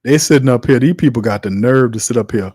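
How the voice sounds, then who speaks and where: A sports talk livestream host, a man whose medium-pitched voice runs quick, darkish and slightly rough, rants in exasperation while laughing often and dropping "man" and "fam." He talks back to the chat, and the audio is studio quality with no room sound.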